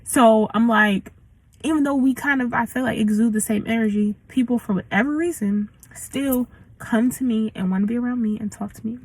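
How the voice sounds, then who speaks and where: A woman's voice: on the high side, moderate pace, a little mellow, rough recording. A young woman in her late teens venting in a casual storytime rant, slangy and full of likes. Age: young adult. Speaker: vlogger.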